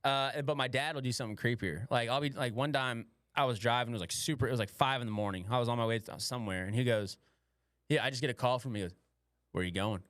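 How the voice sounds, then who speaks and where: This is a man in his twenties hosting a casual, crude podcast. He speaks at an average pitch, close to the mic, with no room sound, and he rambles through stories with plenty of swearing. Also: quick pace, fairly bright tone, no echo. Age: 20s. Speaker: podcast host.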